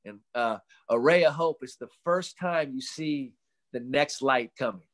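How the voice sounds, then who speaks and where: Speaking unhurriedly in a mid-range voice, a mental performance coach guests on a laid-back podcast conducted over video call. He brings animated energy to his stories, curses casually, and voices the characters he quotes.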